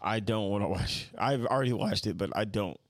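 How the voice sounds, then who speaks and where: A man's voice: on the low side, brisk, no room sound, studio quality. A man co-hosting a podcast, talking bluntly and profanely with incredulous energy. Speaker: podcast co-host. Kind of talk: casual chat.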